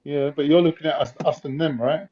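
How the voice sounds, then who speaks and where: A man's voice: a little high, fairly quick, muffled recording. A man with a North London accent in casual chat, telling stories animatedly.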